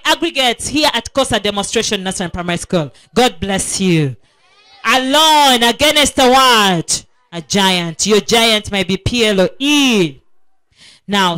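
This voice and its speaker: A woman with a fairly bright, somewhat high voice preaches to children at a school prayer week assembly. She speaks slowly and with emphasis, asking the audience questions and repeating important words.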